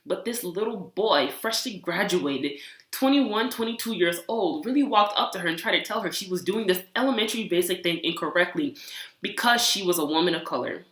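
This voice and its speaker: A young woman studying engineering, telling animated, exasperated stories in a casual vlog. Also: on the low side, a little fast, echoey room. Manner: animated, exasperated, talks with hands. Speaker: engineering student vlogger.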